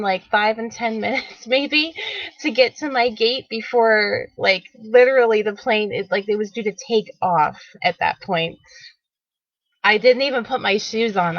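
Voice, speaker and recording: Woman, wellness host, animated storytelling, acts out quotes, mid pitch, dry dull sound. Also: dry recording. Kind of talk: personal storytelling talk.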